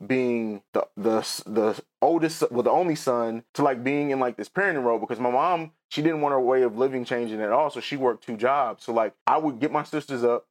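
A man's voice: medium pitch, fairly quick, hardly any pauses. Podcast host guy, thirties, rambling and raw, kinda teary, talking straight into the mic. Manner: candid, rambling, emotional, with many restarts. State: tearful. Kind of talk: personal storytelling.

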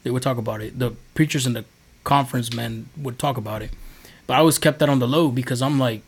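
A man's voice: medium pitch, fast talker, breathy edge. A man on a podcast telling his faith testimony in a casual, earnest, rambling way. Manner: earnest, rambling storytelling with many fillers. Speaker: podcast guest.

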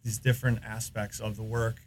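A man's voice: lowish voice, level tone, brisk. Rambling American man telling shop stories. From United States. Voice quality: rambling, filler-heavy storytelling. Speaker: podcast guest. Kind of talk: casual chat.

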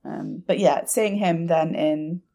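With a low, mellow voice and vocal fry, this woman speaks slowly but very animatedly. She's co-hosting a casual fan podcast, rambling along with many fillers and restarts.

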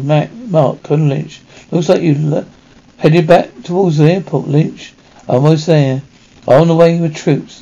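A man acting in a 1980s TV action drama, trading brisk, gruff banter, heard on a dull lo-fi TV soundtrack. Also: on the high side, dark tone. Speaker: TV actor.

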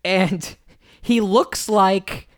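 A man's voice: high voice, drawn-out words, clear, resonant tone. A man co-hosting a podcast, recapping a film in casual chat with lots of laughter and jokes. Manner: jokey, laughs often, animated retelling. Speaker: podcast co-host. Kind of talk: casual movie review chat.

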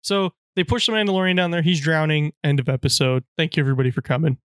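A man's voice: a little high, fairly even intonation, fast talker, fairly bright tone, clear, resonant tone, no echo, clean studio sound. A man co-hosting a podcast, rambling through a recap in casual chat with lots of filler words. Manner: rambling recap, heavy use of "like". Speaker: podcast co-host.

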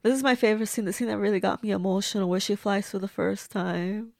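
A woman's voice: medium pitch, steady tone, quick pace, gravelly, darkish tone, no room sound, studio quality. A woman giving casual, blunt, reactive commentary as she watches and reviews a movie. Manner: chatty, blunt and reactive, swears freely.

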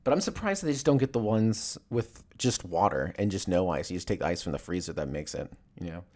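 His voice sits low and moves a little fast as he launches into a casual, funny rant, swearing and rambling through animated stories.

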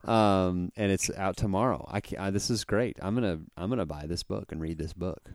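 A man's voice: low-pitched, brisk, darkish tone, dry recording, studio quality. A man co-hosting a podcast, chatting casually and laughing easily. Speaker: podcast co-host.

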